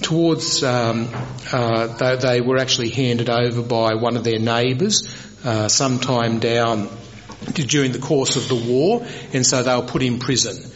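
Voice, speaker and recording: A man preaching a sermon, animated, climbing high in pitch as he retells a scripture scene. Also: measured pace, lo-fi sound, slight background noise. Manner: animated, rises high when voicing Moses.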